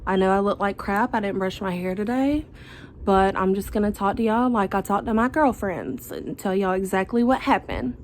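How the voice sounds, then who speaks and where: A woman's voice: mid-range voice, normal speed, a little hiss or hum. A young woman, telling a personal story to the camera in a chatty, dramatic, slangy way. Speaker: vlogger.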